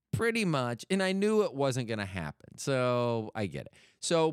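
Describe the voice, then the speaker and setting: Clean studio sound with no room tone captures a middle-aged podcast host's clear, resonant, mid-range voice. Going solo, he wanders from topic to topic, cracks jokes, and keeps interrupting himself.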